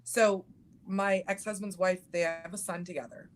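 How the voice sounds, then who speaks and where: A middle-aged woman hosting a casual chat, blunt and quick to swear, acting out what people said. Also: on the low side, fairly even intonation. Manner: blunt, swears freely, acts out quotes. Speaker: podcast host.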